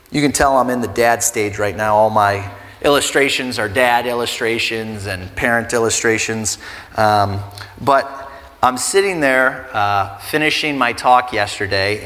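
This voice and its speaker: Thirtysomething guy preaching, chatty then earnest, mid-pitched voice, big echoey hall. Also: a bit bright. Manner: conversational, earnest, rising to emphatic. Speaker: pastor. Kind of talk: sermon. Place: church sanctuary. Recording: reverberant hall with faint music.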